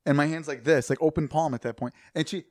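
A man's voice: a little high, fairly even intonation, fast, a little mellow, dry recording, studio quality. A young man, a podcast co-host, telling a rambling, profane story in casual chat.

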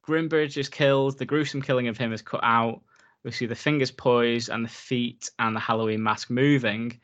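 A relaxed man talking films on a podcast. His voice sits in a middle register, and he rambles loosely with plenty of fillers. He slips into reading notes aloud now and then. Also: mid-range voice, muffled recording. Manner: laid-back, rambling with many "like"s, reads facts aloud. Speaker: podcast co-host. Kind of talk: casual film chat.

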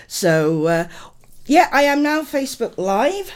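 Older woman radio host, animated pitch, rambling chatty delivery, slightly unwell. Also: normal speed. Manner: chatty, affectionate, greets listeners by name. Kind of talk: casual radio chat and rambling monologue.

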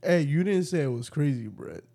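A man's voice: on the high side, sing-song, brisk, gravelly, warm tone. A man chatting casually with a friend, teasing him and asking questions in a laid-back way. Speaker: friend listening. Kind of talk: casual chat.

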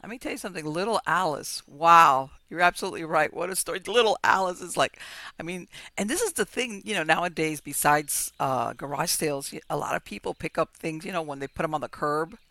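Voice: medium pitch, fairly quick, pushed and bright, no echo. An interview host who asks questions and reacts eagerly to the guest's story. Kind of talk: casual interview.

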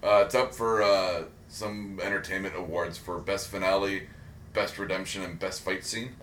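A low-voiced man co-hosting a loose pop-culture chat, rambling through his points with plenty of swearing and jokes at his own expense. The room is echoey, with a faint hiss behind him. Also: fairly even intonation, normal speed, a bit bright. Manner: rambling, profane, self-mocking. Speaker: podcast co-host. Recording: roomy echo with faint background hiss.

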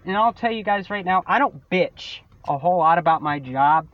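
A man's voice: high-pitched, lively intonation, normal speed, dry recording, muffled recording. A man hosting his own podcast, venting about a coworker in a profane, sarcastic solo rant. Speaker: podcast host.

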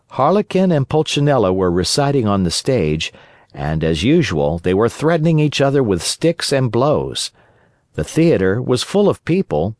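Expressive male audiobook narrator. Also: medium pitch, no room sound, studio quality. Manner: expressive storytelling. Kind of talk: scripted narration.

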